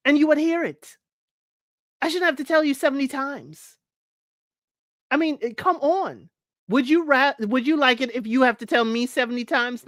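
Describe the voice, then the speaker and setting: A woman's voice: high voice, animated, moderate pace, fairly bright tone, no echo, studio quality. A woman hosting a live recap, chatty and opinionated, often laughing and repeating her points for emphasis while greeting chat viewers. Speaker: host of a dating-show recap livestream. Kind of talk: casual live commentary talking to chat viewers.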